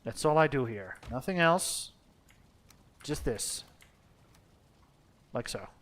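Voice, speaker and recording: A man's voice: mid-range voice, animated, takes it slowly, a bit bright. A young man from Finland giving casual gameplay commentary, swearing freely, joking and talking to his character. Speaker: let's play gamer.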